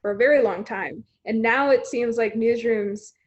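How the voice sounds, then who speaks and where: A woman's voice: a little high, normal speed. A woman hosting a video call panel as a news editor, talking in a conversational way with many fillers. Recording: slightly dull video call audio.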